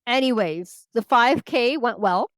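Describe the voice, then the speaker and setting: A woman's voice: on the high side, expressive, unhurried, no room sound, clean studio sound. Chatty Canadian woman in her forties. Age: 40s. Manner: chatty, laughs often, acts out quoted lines in a lifted voice. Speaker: podcast guest. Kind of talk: casual interview storytelling.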